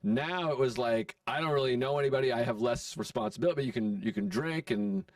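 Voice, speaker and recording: A man's voice: medium pitch, fast, vocal fry, no echo, far from the mic. A man in his forties, a comedian guest, telling stories in casual chat and acting out quotes, with profanity. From Boston area. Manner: animated storyteller acting out quotes, swearing.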